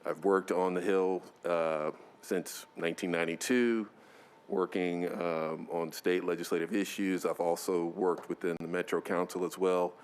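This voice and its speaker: A man from Nashville with a deep, even, smooth voice introduces himself as the council's lobbyist. His tone stays level and friendly. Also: a little slow. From Nashville, Tennessee. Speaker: contract lobbyist. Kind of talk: self-introduction at a meeting.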